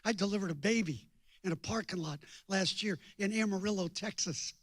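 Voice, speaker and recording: Older preacher with a high, dry voice. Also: male voice, brisk, no room sound. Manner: folksy, joking, swings from hushed to loud. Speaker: guest preacher. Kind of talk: storytelling sermon.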